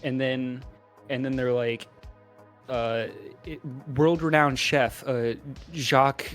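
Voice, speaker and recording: A man's voice: medium pitch, fairly even intonation, takes it slowly, soft background music. Joking, rambling man hosting a podcast. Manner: joking, rambling, laughs often. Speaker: podcast co-host. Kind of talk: casual podcast chat.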